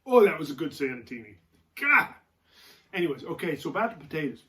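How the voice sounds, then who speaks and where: A man's voice: a little high, big pitch swings, brisk, pushed and bright. A man hosting a casual live stream, rambling and joking between stories. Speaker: host.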